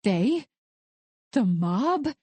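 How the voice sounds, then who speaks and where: A woman voicing an angry, frightened adult woman confronting her husband, sharp-edged and raw. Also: a little high, very animated, extremely slow, breathy edge, dry recording, full character voice. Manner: sharp, rising and then breaking.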